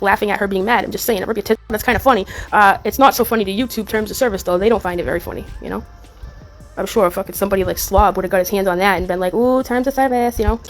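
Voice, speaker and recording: A woman hosting a casual livestream commentary, talking bluntly and animatedly, swearing and laughing often. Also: a little high. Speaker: YouTube commentary host.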